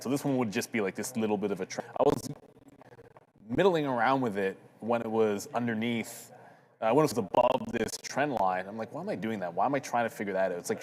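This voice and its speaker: A man's voice: fairly low pitch, rough recording. A man co-hosting a live trading show, chatty and upbeat, talking to viewers in the chat. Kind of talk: live market commentary chat.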